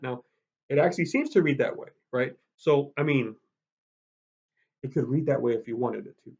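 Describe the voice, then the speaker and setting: A man's voice: a little high, lively intonation, a little fast, darkish tone. A man giving a college lecture on poetry, rambling with many restarts and tapping out meter aloud. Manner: rambling, full of restarts and fillers, sounds out meter with "da da". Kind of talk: recorded lecture. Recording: dull lo-fi sound.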